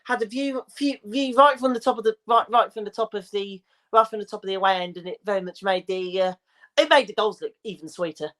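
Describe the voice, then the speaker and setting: A woman calling in to a fan phone-in, speaking haltingly with many restarts and repeated words. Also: mid-range voice, a bit bright.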